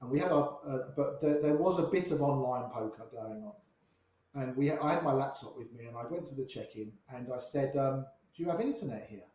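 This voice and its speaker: A man's voice: mid-range voice, brisk, mellow. Grey-haired storytelling man, echoey room. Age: older. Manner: anecdotal, acts out quoted voices. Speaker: poker player guest. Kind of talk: storytelling interview.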